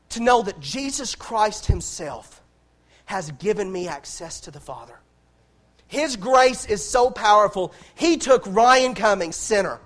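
A man's voice: sits high, fairly bright tone. A man preaching a sermon in an impassioned way, repeating phrases and restarting lines as he builds.

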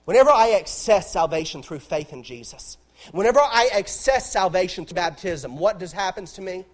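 High-voiced man preaching with fervor. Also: expressive, moderate pace. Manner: impassioned, repetitive preaching with frequent restarts. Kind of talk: sermon.

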